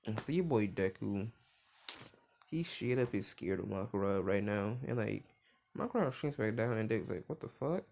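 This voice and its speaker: A man's voice: on the low side, animated, normal speed, vocal fry, a little mellow. A young man casually retelling a cartoon crossover story, rambling with constant filler words and swearing. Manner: rambling, full of "like" fillers, profane.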